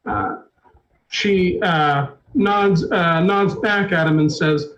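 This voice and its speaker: A man narrating as storyteller of a tabletop game, unhurried and full of filler words, on a dull lo-fi stream recording. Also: high voice, a bit bright.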